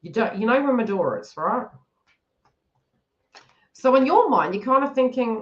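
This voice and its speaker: A woman's voice: fairly high pitch, lively intonation, normal speed, pauses often, muffled recording. A woman giving a live-stream tarot reading, chatty and giggly, often acting out the listener's inner thoughts in quoted asides. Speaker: tarot reader.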